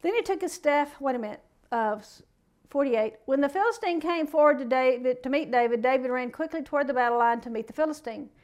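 High-voiced woman preaching a folksy sermon. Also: brisk, darkish tone. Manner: reads scripture aloud, then breaks off to preach in folksy asides.

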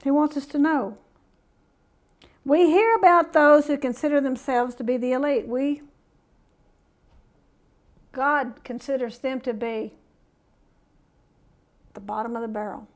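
A woman's voice: sits high, measured pace, pauses often. A middle-aged woman preaching a conversational sermon, reading scripture aloud and asking the listeners questions.

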